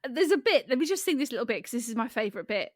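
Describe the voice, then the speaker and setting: A woman co-hosting a casual comedy podcast, talking in a high voice that leaps up and down as she rambles. She giggles often and keeps things playful. The sound is close and dry, with no room echo. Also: big pitch swings, very fast. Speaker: podcast co-host.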